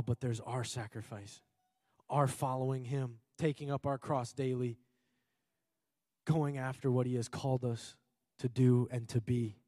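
A man's voice: medium pitch, mellow, no echo, clean studio sound. A man from Minnesota preaching an earnest sermon as pastor, repeating phrases for emphasis. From Minnesota, USA. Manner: earnest and emphatic, with frequent repetition and occasional laughter.

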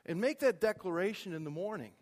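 Emphatic high-voiced man preaching in a hall. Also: expressive, quick pace. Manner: emphatic preacher, swings between loud declarations and quiet asides. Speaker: pastor. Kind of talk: sermon. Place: church sanctuary. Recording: long hall reverb.

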